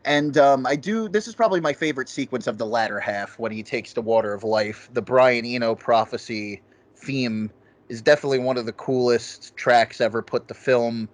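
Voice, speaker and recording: A man's voice: mid-range voice, normal speed. A man co-hosting a podcast, chatting loosely about a film and swearing freely as he rambles. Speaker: podcast co-host. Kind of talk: casual film review chat.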